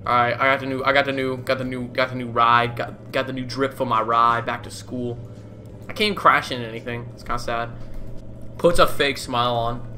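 A man's voice: mid-range voice, level tone, a little fast, pushed and bright, slight background noise. A young man giving casual, goofy commentary as he plays a game, laughing often and swearing casually. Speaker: gaming YouTuber.

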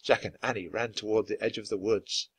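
A man reading a children's chapter book aloud, narrating clearly and expressively. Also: on the low side, fairly even intonation, brisk. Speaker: storybook reader.

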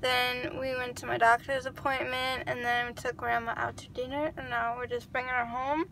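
A woman's voice: fairly high pitch, little pitch movement, moderate pace, gravelly, sharp tone, slight background noise. A young woman vlogging in a chatty, rambling way, full of fillers, talking into a handheld phone camera. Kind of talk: casual vlog chat.

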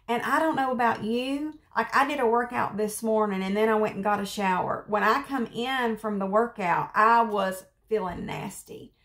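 A woman speaks a devotional in a relaxed, conversational way. Her voice sits at a middle pitch, and she stays earnest throughout. She circles back with repeated phrases, fillers and restarts. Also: moderate pace, few pauses. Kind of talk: casual spoken devotional.

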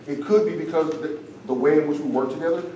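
A man's voice: fairly high pitch, fast, dark tone, dull audio. A man with a tiring, strained voice giving a casual classroom lecture as a debate instructor, often tagging his sentences with "right?". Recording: echoey room, far from the mic, faint noise.

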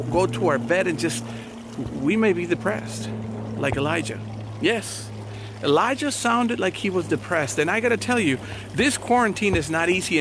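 A man's voice: high voice, background noise. A man preaching a sermon as pastor, in a conversational style full of repetitions and rhetorical questions.

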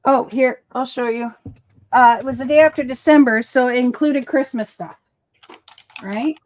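Boston lady chatting on a craft stream, kinda high voice, keeps correcting herself. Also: moderate pace, a little mellow. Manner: rambling, self-correcting storyteller. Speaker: host. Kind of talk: casual chat on a crafting livestream.

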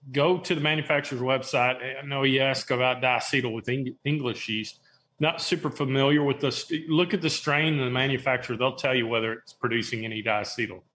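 A man appearing as a guest on a podcast, giving relaxed, matter-of-fact answers. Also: mid-range voice, slight background noise. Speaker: guest brewer. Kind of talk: casual podcast chat.

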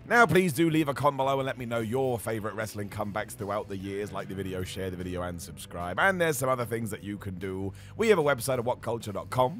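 A man hosting a wrestling countdown as a scripted voiceover, slightly hoarse as he is losing his voice, with animated, sarcastic asides. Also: lowish voice. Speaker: host of a wrestling countdown channel.

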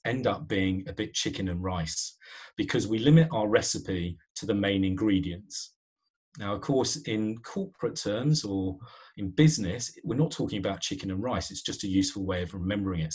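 Husky low-voiced man presenting a webinar. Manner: conversational, many fillers and restarts.

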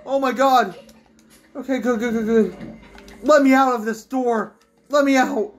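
A woman giving let's-play commentary, excitable, swinging from low mutters to shrieks and screams. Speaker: gamer.

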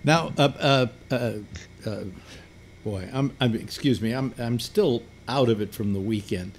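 A man hosting a casual radio call-in show, rambling and halting with many restarts, and playfully teasing his callers. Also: medium pitch, slight background noise. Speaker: radio talk show host.

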